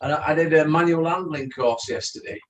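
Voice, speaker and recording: A man's voice: fairly high pitch, brisk, crowd noise. A man co-hosting a live chat stream, teasing and chatty as he reads out viewer comments. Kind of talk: casual chat.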